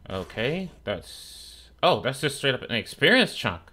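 A man's voice: medium pitch, big pitch swings, measured pace, sharp tone. A young man giving casual, profane commentary while streaming a game, trash-talking the mobs that attack him. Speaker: gaming streamer.

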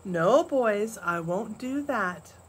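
Grandma voicing a cool, steady frontier father. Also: medium pitch, slow pace, slight background noise. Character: calm, firm frontier father facing a mob.

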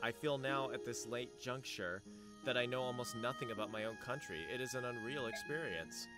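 A man voicing a gentle, earnest young princess, reading her game dialogue aloud in a plain, even voice. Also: medium pitch, moderate pace, close to an everyday voice. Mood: wistful. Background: loud game music.

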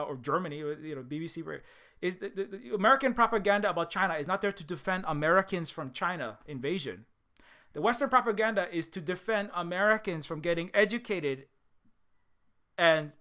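A video essayist from Hawaii delivers a heated, unscripted monologue, repeating words and restarting sentences as he goes. His voice is high-pitched, bright and forceful.

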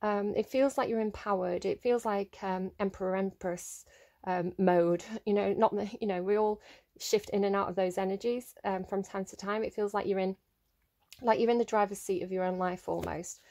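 A woman's voice: mid-range voice, fairly even intonation, moderate pace, a little mellow. A woman giving a casual solo tarot reading, thinking aloud with many fillers and restarts. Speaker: tarot reader.

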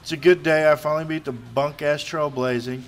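A man's voice: on the high side, fairly even intonation, fairly quick, slight background noise. A young man giving casual let's play commentary, frustrated and swearing, muttering to himself between bursts.

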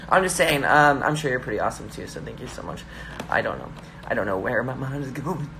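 A man's voice: mid-range voice, expressive, fast, vocal fry, sharp tone, slight background noise. A young man hosting a live stream from his phone, hyper and joking as he reads viewer comments aloud. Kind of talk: casual live-stream chat.

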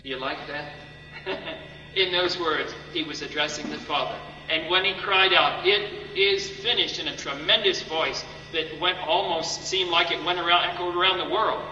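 A man's voice: fairly high pitch, steady tone, moderate pace, pushed and bright. A man preaching a sermon with fervent, dramatic emphasis, repeating phrases to drive points home. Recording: echoey hall, mic far off, dull sound with faint hum.

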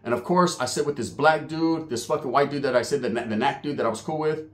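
A man's voice: mid-range voice, quick pace. A man telling a prison story in casual, profane, slang-heavy street talk.

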